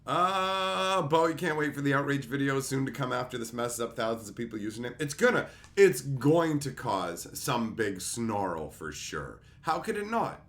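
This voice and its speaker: A middle-aged man talking casually on a livestream, his pitch swinging widely as he tells stories. He swears freely, laughs often and answers his chat directly. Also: lively intonation, moderate pace, few pauses, fairly bright tone. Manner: profane, laughing storyteller. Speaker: streamer.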